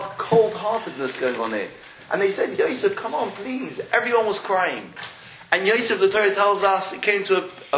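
A man's voice: high-pitched, fairly bright tone. Man teaching Torah in an echoey room. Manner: storytelling, with rising questions. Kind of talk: Torah class on the weekly portion. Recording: echoey room, faint noise.

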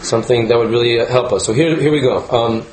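A man's voice: medium pitch, quick pace, a little mellow. An American man, a visiting rabbi, giving a humorous, rambling Torah class to a live audience. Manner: joking, self-deprecating, rambling with fillers. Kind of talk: humorous casual Torah lecture. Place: lecture room with live audience. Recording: echoey room.

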